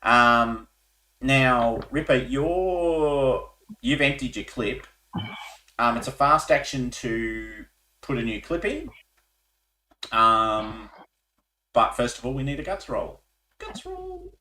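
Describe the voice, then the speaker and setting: A man running a tabletop war game as game master, explaining rules in a relaxed way with many ums. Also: medium pitch, slow, long pauses, echoey room, low-quality recording.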